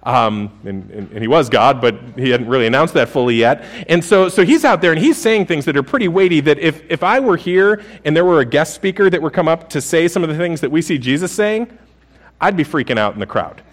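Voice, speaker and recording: A man's voice: on the high side, expressive, a little fast. A man in his thirties preaching a sermon as pastor, conversational and humorous, with frequent restarts.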